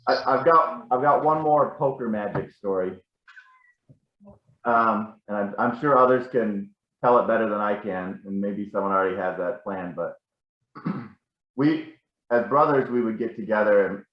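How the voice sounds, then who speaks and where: A man's voice: fairly low pitch, normal speed, reverberant, highs cut off. A man telling rambling, self-correcting stories about a family member at a casual gathering. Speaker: family member sharing memories.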